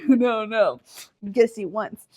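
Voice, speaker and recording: A young woman co-hosting a casual podcast, telling an animated story full of swearing and acted-out quotes. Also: medium pitch, a little slow. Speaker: podcast co-host.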